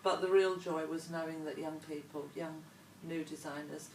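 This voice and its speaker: A woman's voice: sits low, steady tone, normal speed, a little mellow, a little hiss or hum. A woman, chatting as an interview guest in a rambling, conversational way. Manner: chatty, meandering, trailing asides. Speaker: interview guest, former model. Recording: echoey room, voice picked up from a distance.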